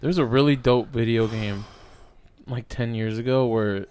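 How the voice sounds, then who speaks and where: A man's voice: medium pitch, steady tone, a little slow, a little mellow, clear, resonant tone. A young man co-hosting a podcast in casual chat, loose and swearing freely as he thinks aloud. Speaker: podcast co-host.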